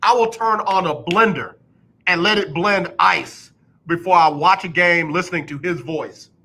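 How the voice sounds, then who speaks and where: A man hosts a sports talk radio show from the studio, his high-pitched, bright, forceful voice moving at a normal speed. He rants bluntly, repeats his points for emphasis, and mocks others with exaggerated announcer impressions.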